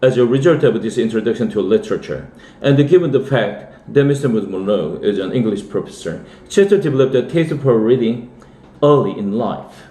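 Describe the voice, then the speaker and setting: A man from South Korea who teaches English reads a children's novel aloud. His mellow voice moves in lively pitch swings through the story. It is heard with a roomy echo, indoors. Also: normal speed. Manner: steady read-aloud with lively dialogue.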